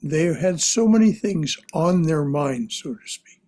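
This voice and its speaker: A man teaching a spiritual class in a slow, reflective way, often repeating his phrases softly. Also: a little high, animated. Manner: repeats phrases, soft and contemplative.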